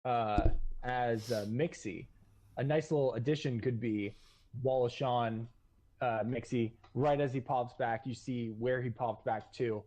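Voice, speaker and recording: A man in casual chat, reacting to a pitch with many pauses and fillers. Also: fairly even intonation, warm tone, rough recording. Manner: hesitant, many uhs, agreeable. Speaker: co-host.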